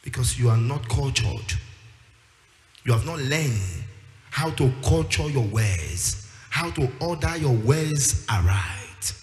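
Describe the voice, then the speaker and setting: In an echoey hall with music playing behind, a man with a mid-range, darkish-toned voice delivers an emphatic sermon. He is animated yet slow, voicing the people he quotes and building into a sing-song style.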